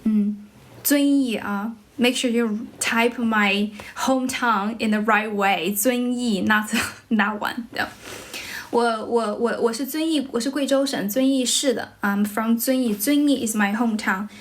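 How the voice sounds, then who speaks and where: A woman's voice: fairly high pitch, unhurried. Chinese-accented young woman streaming chat. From China. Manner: answers viewer questions, switching between English and Chinese. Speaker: English teacher streamer. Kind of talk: livestream chat.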